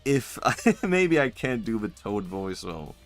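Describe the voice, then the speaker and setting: A male streamer riffing on a game in casual commentary, joking around and breaking into laughter, with the odd swear. His voice sits fairly low, with faint game music playing underneath. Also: sing-song, measured pace.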